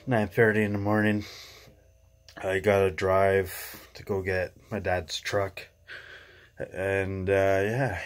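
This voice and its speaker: A young man from Canada talking casually to his vlog audience, low-key and sleepy since he just woke up. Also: level tone, unhurried. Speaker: vlogger.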